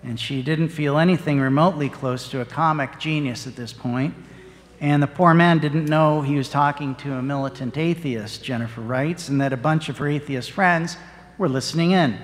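Priest guy telling a story in his homily, earnest and steady, big echoey church. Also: on the high side, normal speed. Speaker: parish priest. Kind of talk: sermon. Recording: long church reverb.

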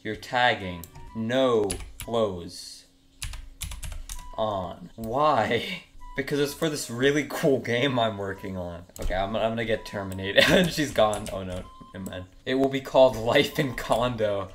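A man's voice: fairly low pitch, measured pace, soft background music. A young man giving crude, mocking commentary while trolling other players in an online game. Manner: joking, mocking, crude humor. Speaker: gaming YouTuber.

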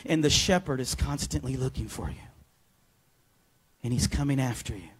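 A man preaching a sermon as pastor in a church, energetic and often calling out to the congregation for a response. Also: medium pitch, normal speed, husky. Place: church sanctuary.

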